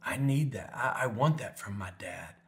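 A middle-aged male pastor tells a personal story from the pulpit. His voice moves between animated, laughing storytelling and soft, hushed, tender moments. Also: lowish voice, normal speed. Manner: emotional, animated storytelling, drops to near whisper when tender. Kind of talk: sermon storytelling.

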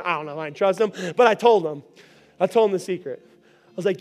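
A male pastor giving a sermon, telling stories in an animated way and often asking the congregation questions. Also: high-pitched, quick pace. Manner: animated storytelling, often asks the crowd.

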